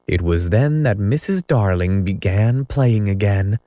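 A man narrates a classic storybook at an unhurried pace, his voice low and mellow. Recorded dry and close. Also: animated, no echo. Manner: measured storytelling. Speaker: audiobook narrator. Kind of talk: scripted narration.

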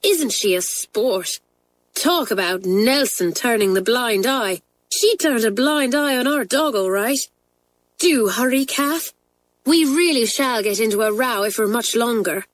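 Brief: woman voicing a cheeky, hurried schoolgirl for a storybook, dry. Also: a little high, animated, no echo, pitched above the performer's own voice. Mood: cheerful.

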